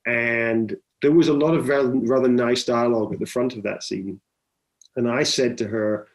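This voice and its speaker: A man's voice: medium pitch, steady tone, normal speed. A middle-aged man, a film director, telling stories in a chatty interview with many restarts. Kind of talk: conversational interview.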